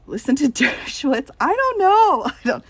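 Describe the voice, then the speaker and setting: A woman attorney with a high, very animated voice hosts a casual live stream at a normal speed, with a slight hiss or hum. She giggles a lot while reading out viewer chat questions and answering them.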